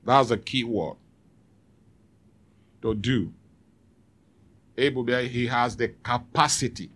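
A man's voice: mid-range voice, slow pace, fairly bright tone. Man preaching a sermon. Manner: preaching with call-and-response. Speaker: pastor. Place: church.

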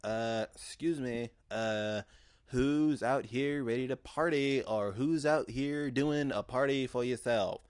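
A man's voice: mid-range voice, takes it slowly, clean tone, no echo, pitched above the performer's own voice, lightly acted. A man voicing a flamboyant drag show host who works the crowd in a brash, flirty, teasing way. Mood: hyped.

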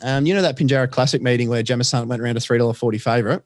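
An Australian man tipping horse races on a podcast, chatty and quick, with lots of fillers and restarts. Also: mid-range voice, no room sound, clean studio sound. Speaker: racing podcast tipster. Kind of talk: casual racing chat.

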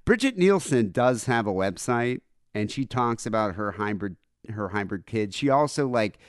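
A man's voice: on the low side, expressive, moderate pace, smooth, dry recording, clean studio sound. A man co-hosting a comedy podcast from home, chatting casually in a rambling, irreverent way with lots of fillers. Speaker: podcast co-host.

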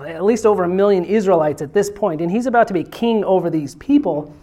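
A man's voice: high voice, fast, mellow. A man from the United States preaching a casual sermon. He is chatty and self-deprecating and speaks straight to the audience.

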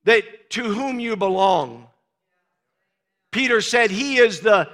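Male pastor, high bright voice, slow emphatic sermon delivery, church hall reverb. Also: expressive. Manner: emphatic preaching with repeated phrases and fillers.

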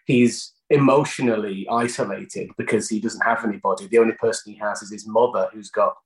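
A man's voice: lowish voice, steady tone, a little fast. British man musing in a roomy echo. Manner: thoughtful, stumbling restarts and repeated words. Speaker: actor guest. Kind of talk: conversational interview answers. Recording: roomy echoey sound.

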